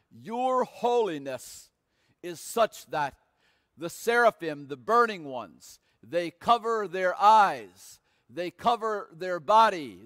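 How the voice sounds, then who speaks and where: A man's voice: sits high, a bit bright, no room sound, studio quality, long reverb tail. A man preaching a sermon as pastor, reading scripture aloud with emphatic, dramatic stress. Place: church sanctuary.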